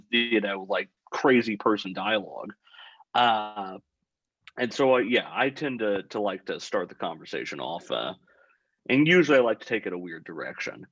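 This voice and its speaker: A young man from Texas telling a funny story in a deadpan, rambling way as a podcast guest. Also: lowish voice, breathy edge, no room sound, muffled recording. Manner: deadpan comic storytelling, acts out his own quotes. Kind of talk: casual storytelling.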